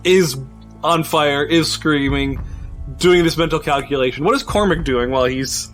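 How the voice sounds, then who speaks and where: A man running a tabletop role-playing game as game master, chatty and quick with frequent laughter. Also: a little high, a bit bright, faint music behind.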